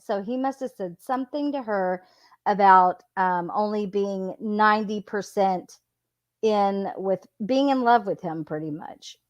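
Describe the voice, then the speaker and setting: A woman reading text messages aloud and breaking off into sarcastic, mocking commentary. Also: medium pitch. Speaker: YouTube commentator.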